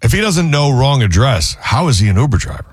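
A man's voice: medium pitch, big pitch swings, brisk, breathy edge, dry recording, studio quality. A man in casual chat who mostly listens, reacting with short replies and wry remarks.

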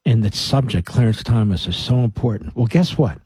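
A radio host, a man, talks straight to his listeners in an emphatic, animated monologue full of mocking asides. His voice is dark and a bit husky, and it sounds dry and close, as if he sits right at the studio mic. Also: mid-range voice, normal speed, no echo. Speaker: radio talk show host.

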